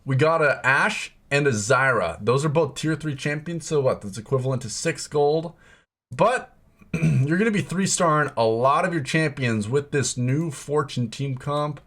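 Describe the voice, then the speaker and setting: A young man giving excited, exclamatory commentary while walking through a video game's new features. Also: a little high, a little slow. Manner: excitable, exclamatory, lots of "oh my gosh". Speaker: game content creator.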